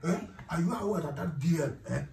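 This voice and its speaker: An actor in a comedy skit plays a bossy, mocking village man, scolding in a high-ish, fairly quick, gravelly yet slightly mellow voice and repeatedly asking "eh?". The recording is noisy, with an echoey room and a distant mic.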